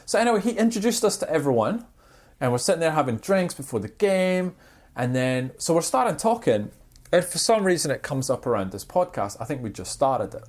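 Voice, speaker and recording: Here a podcast co-host with a slightly high voice talks a little fast in a casual chat. He's an animated storyteller who performs the voices of the people he quotes.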